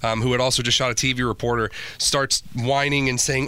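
Bright-voiced, scornful male radio co-host. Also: medium pitch, fairly even intonation, a little fast, few pauses. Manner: scornful, emphatic. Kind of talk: opinionated talk radio.

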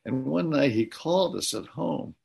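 A man speaking as an interview guest, telling stories in an earnest, halting way with many pauses. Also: a little high, lively intonation, gravelly, darkish tone, breathy edge. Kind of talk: conversational storytelling.

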